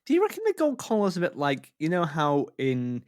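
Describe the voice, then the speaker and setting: A man's voice: a little high, huge pitch swings, brisk, no echo, clean studio sound. A man co-hosting a comedy podcast, chatting playfully with rambling jokes. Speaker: podcast co-host. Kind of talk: comedic casual chat.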